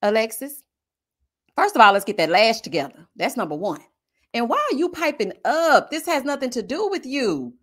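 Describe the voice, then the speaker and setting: Sassy, lively woman reality-TV reviewer. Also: on the high side, normal speed. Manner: sassy, animated, acts out quoted people. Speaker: reality TV commentator.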